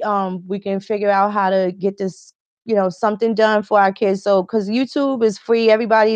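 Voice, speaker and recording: A woman's voice: mid-range voice, smooth, no room sound, highs cut off. A woman hosting a livestream, talking in an emphatic, rambling, heavily profane monologue. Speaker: livestream host.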